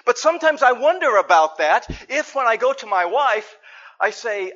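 High-pitched guy preaching, earnest, goes soft then loud, kinda muffled lo-fi recording. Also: animated, normal speed. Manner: earnest, swings between soft asides and loud emphasis; acts out little spoken examples in a sheepish tone. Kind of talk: sermon. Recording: dull lo-fi sermon recording.

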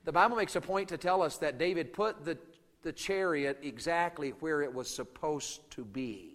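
A man preaching a sermon to a congregation. He drops to hushed asides, shouts out acted battle cries, and keeps asking the crowd to answer him. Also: fairly high pitch, moderate pace, long reverb tail. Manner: calls out to the congregation for responses.

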